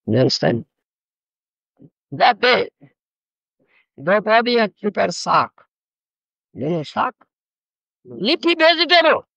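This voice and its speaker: Speaking slowly with long pauses, this older Odia-accented man from Odisha, India, preaches as a spiritual teacher, repeatedly checking "you understand?" and explaining words. His creaky voice sits high, is very animated and fairly bright, with no echo. It's a dull lo-fi archive recording.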